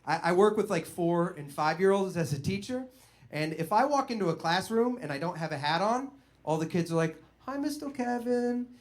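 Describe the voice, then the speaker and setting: Young male comic, high voice, animated, self-mocking stand-up delivery. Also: fairly quick. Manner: animated storyteller, self-deprecating. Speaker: stand-up comedian. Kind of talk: stand-up comedy.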